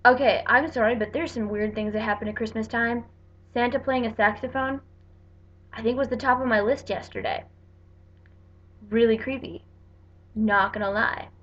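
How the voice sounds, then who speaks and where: A woman's voice: a little high, normal speed, pauses often. A young woman from the northeastern United States telling a chatty vlog story, acting out the people she quotes. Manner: chatty, animated quoting of people. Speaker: vlogger. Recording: dull lo-fi webcam audio.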